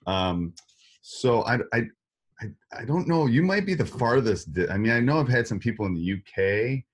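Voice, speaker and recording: A man's voice: mid-range voice, animated, moderate pace, slightly rough. A man with a Wisconsin accent hosting a podcast interview, chatting casually and rambling, often repeating words and restarting. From Wisconsin, USA. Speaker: podcast host.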